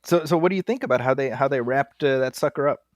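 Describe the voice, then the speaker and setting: A man's voice: mid-range voice, fast, no room sound, studio quality. A man co-hosting a film podcast in casual chat, rambling with many fillers and restarts. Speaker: podcast co-host.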